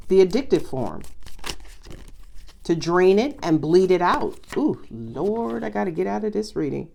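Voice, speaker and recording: Female tarot reader, chatty and expressive, slightly low voice, casual delivery. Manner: chatty, expressive, exclaims often. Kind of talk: casual spoken tarot reading.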